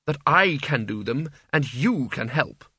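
A man putting on a sharp, clipped young woman. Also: mid-range voice, expressive, unhurried, husky, no echo, clean studio sound, heavily acted. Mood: cutting. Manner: cutting, clipped.

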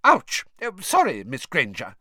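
A man voicing a stern older female teacher who barks sharp commands, in a storybook reading. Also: very high-pitched, wildly swooping pitch, takes it slowly, no room sound, studio quality, voice pushed up, full character voice. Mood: flustered.

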